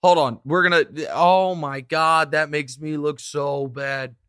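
A man's voice: a little high, smooth, dry recording, clean studio sound. Man telling a story on a podcast. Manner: animated storyteller, quick asides. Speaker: podcast host. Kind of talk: casual podcast chat.

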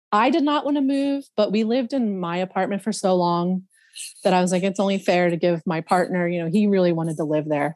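Podcast guest: a woman telling a story casually and with animation, mid pitch, close and dry. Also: no echo. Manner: animated, laughs often, imitates other people's voices.

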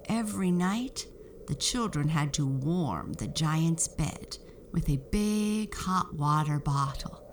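A woman with a low voice reads a children's storybook aloud, slowly and expressively. A faint hiss sits under the recording.

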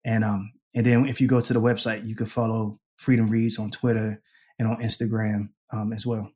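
A man as an interview guest, telling a personal story in a lively way, laughing often and acting out the people he quotes. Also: on the low side, normal speed. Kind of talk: conversational storytelling.

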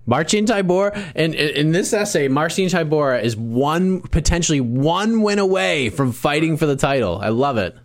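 A man's voice: on the high side, expressive, moderate pace, hardly any pauses. A man co-hosting a casual sports podcast, reacting to his partner with short amused remarks. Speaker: podcast co-host.

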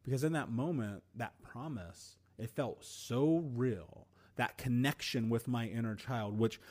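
A man hosting a podcast and telling a personal story in an earnest, emotional way, with deliberate pauses. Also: medium pitch, a little mellow. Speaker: podcast host.

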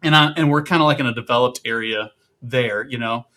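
A man in his thirties or forties, a podcast guest telling a camping story in a casual, animated way and loudly acting out the voices he quotes. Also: medium pitch, a little fast.

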